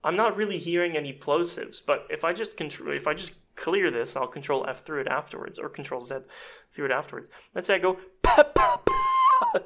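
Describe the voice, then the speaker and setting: A man giving a chatty, self-deprecating audio editing tutorial, explaining step by step as he clicks through software. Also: fairly high pitch, a little fast, creaky. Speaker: voice actor and casting director.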